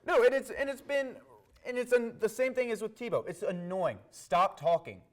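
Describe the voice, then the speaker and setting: A young man co-hosting a casual sports debate, animated and opinionated, hammering points by repeating himself. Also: extremely high pitch, a little fast. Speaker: sports show co-host.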